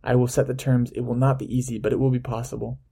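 A man voicing a calm, kind male mediator who offers to pay a debt, with a husky, mellow voice. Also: medium pitch, fast talker. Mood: reassuring. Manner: calm, reassuring.

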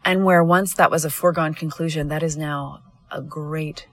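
A woman with a notably low voice, hosting her own podcast as a coach. She talks earnestly and candidly, pausing and restarting as she reflects. She is sitting in a car pulled over at the roadside. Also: fairly even intonation, dry recording. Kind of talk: reflective personal monologue.

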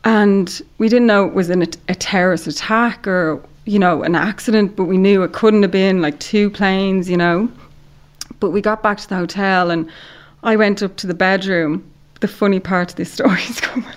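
An Irish woman from Ireland, a podcast guest telling a story in casual chat, animated and full of "like". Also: mid-range voice, normal speed. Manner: animated storyteller, heavy use of "like".

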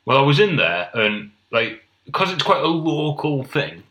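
A young man from North East England chats casually as a podcast co-host, spinning dry, sweary anecdotes. His voice is bright and forward, and the room around him rings with echo. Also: fairly high pitch, big pitch swings, measured pace. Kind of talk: casual chat.

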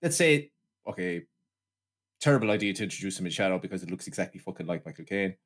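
A man's voice: sits low, animated, quick pace. A man co-hosting a casual film review podcast, sweary and riffing, slipping into voices to mock what he saw. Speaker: podcast co-host.

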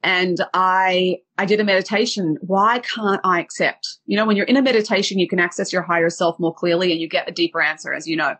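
A woman's voice: fairly low pitch, fairly even intonation, fairly quick, few pauses, a bit bright. A woman dating coach telling a personal story with feeling, acting out the quotes. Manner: vivid retelling with acted quotes.

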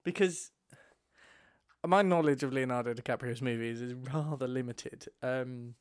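A man's voice: medium pitch, measured pace, clear, resonant tone, no room sound, studio quality. A man co-hosting a podcast, chatting casually and playfully, often hesitating as he thinks. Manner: playful, teasing, hesitant with many ums. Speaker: podcast co-host. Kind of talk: casual chat. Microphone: studio mic with pop filter.

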